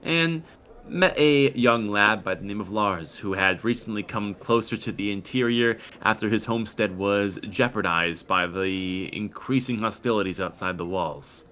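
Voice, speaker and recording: A man running a tabletop game, narrating the story in a measured, descriptive way with occasional pauses. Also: lowish voice, sharp tone, slight background noise. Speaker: game master.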